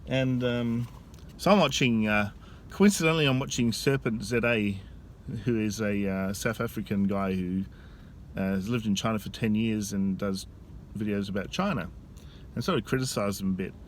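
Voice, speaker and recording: A man telling a story in a casual vlog, speaking into a phone camera outdoors in a busy tourist area. He talks in a rambling, halting way with frequent restarts. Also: on the low side, a little hiss or hum. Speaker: vlogger.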